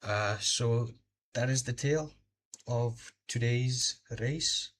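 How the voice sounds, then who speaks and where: A man's voice: medium pitch, slow, a bit bright, slight background noise. A tired young man from Botswana hosting a casual live race recap, hesitant and full of fillers as he fumbles for words. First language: Indian heritage, speaks Hindi. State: tired, short on sleep. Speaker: host of a live race watch-along.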